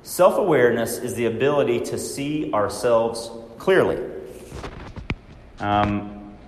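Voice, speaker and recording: A man giving a training talk to real estate agents in a large room, lively, often acting out worried inner voices. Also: mid-range voice, slow pace, reverberant, long reverb tail, a little hiss or hum.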